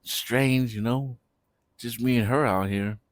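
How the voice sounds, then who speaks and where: A man's voice: mid-range voice, steady tone, takes it slowly, dry recording, studio quality. Laid-back young man telling a story. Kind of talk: casual storytime vlog.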